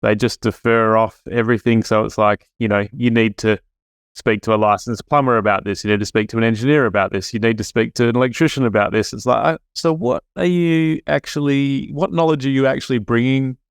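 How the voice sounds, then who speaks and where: A man hosting a podcast interview, relaxed and conversational. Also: medium pitch, a little fast, vocal fry, clean tone, dry recording, studio quality. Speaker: podcast host.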